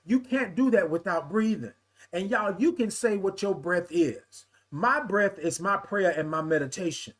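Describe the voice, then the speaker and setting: A man hosting a live morning talk stream, lively and playful, greeting viewers by name and calling them "y'all". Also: sits high, normal speed. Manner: lively, playful, sing-song with laughs and calls of "y'all". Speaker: livestream host.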